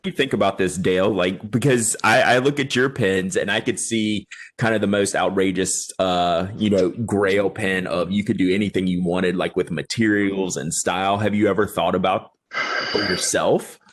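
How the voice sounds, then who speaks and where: Man, panel moderator, very low voice, casual questions, video call. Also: fairly even intonation, normal speed.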